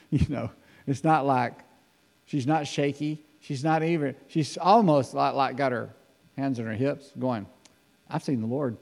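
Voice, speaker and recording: A man's voice: medium pitch, vocal fry. Conversational man preaching in a hall. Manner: conversational, animated, acts out scripture voices. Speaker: pastor. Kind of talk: sermon, expository preaching.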